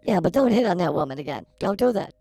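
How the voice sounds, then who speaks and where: A woman's voice: fairly low pitch, very animated, fast, dark tone, no echo, soft background music. A woman playing a sassy, blunt sidekick on a comedy psychic show, full of teasing wisecracks. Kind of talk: comedy sketch.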